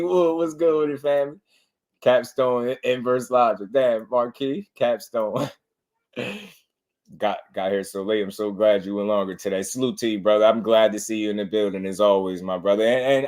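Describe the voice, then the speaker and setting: Chill guy hosting a boxing stream, slangy, shouts out the chat, mid pitch. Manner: laid-back, slangy, greets chat by name. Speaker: boxing livestream host. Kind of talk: casual livestream chat.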